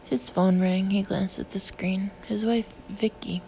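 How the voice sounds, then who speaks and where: A woman narrating an audiobook in a hushed manner that sometimes turns breathy and near-whispered. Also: medium pitch, steady tone, unhurried, lo-fi sound, a little hiss or hum.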